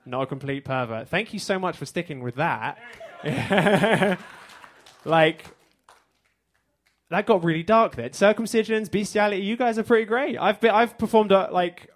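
A man with an English accent doing a stand-up set on a theater stage, with a dry, deadpan delivery. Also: high-pitched, normal speed. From England. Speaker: stand-up comedian.

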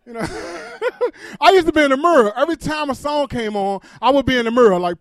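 A man doing stand-up comedy on a club stage, telling loud, animated stories with shouted bits, then chatting in an interview. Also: very high-pitched, fairly quick, no echo, studio quality.

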